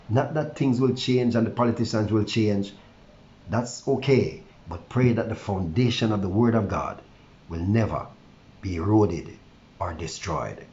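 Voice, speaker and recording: A man's voice: fairly low pitch, darkish tone, highs cut off, a little hiss or hum. A male pastor preaching a morning devotion with fervor, with a slightly stuffy nose and frequent hallelujahs. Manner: fervent preaching with repeated hallelujahs. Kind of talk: online morning devotion sermon.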